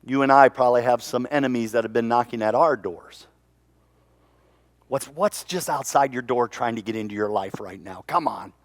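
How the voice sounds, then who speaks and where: A man preaching a sermon in a church, telling stories with lively energy and repeating words as he goes. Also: medium pitch, moderate pace, no echo. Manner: animated storytelling, repeats words. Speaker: pastor.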